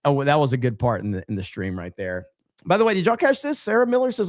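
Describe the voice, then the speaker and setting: A man's voice: fairly high pitch, very animated, fast talker, dry recording, studio quality. A man hosting a livestream, casually reading viewer comments aloud in a loose, profane, rambling way full of fillers. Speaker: livestream host.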